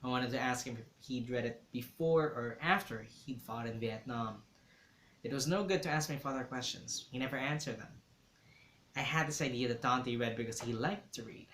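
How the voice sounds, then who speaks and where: A man's voice: mid-range voice, moderate pace, a bit bright, a little hiss or hum. A man reading a novel aloud, telling the story in a reflective first-person way. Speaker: reader. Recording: roomy echo.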